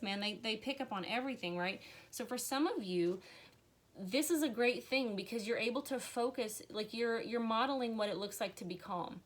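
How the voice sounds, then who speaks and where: A woman reading tarot cards on a live stream, chatty and emotional, with many fillers. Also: medium pitch. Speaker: tarot reader.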